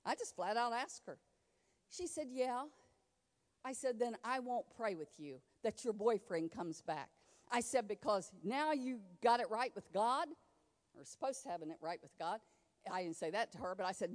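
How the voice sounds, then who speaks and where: A woman's voice: a little high, expressive, a little slow, big-room sound. A woman pastor preaching a sermon in a church, emphatic and folksy, acting out quoted dialogue. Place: church sanctuary.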